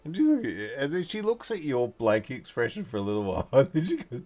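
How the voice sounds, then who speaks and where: A man narrating a tabletop role-playing game as game master, in an animated, unhurried storytelling manner. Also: mid-range voice.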